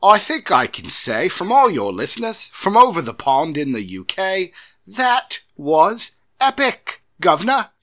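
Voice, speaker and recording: A man putting on an exaggerated English accent to read out a listener's email, loud and theatrical. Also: high voice, huge pitch swings, measured pace, voice pushed up, heavily acted. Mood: hammy. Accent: put-on English accent. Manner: exaggerated, loud, stumbling into Australian. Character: mock English gent reading an email.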